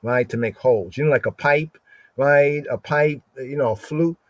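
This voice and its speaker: A man teaching scripture in a medium-pitched voice, recorded dry and close with no room sound. He reads Hebrew slowly, then breaks each word down, checking "right?" after nearly every phrase. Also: no room sound. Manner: explains Hebrew words aloud, repeats "right?" constantly; slows down to read Hebrew verses. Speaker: Bible teacher.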